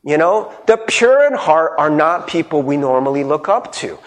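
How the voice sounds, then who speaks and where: A young man preaching a sermon, his voice sitting high and swinging widely in pitch. He talks in a loose, conversational way, acting out little voices of the people he describes. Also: normal speed. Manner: animated, conversational, laughs and mimics people. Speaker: pastor.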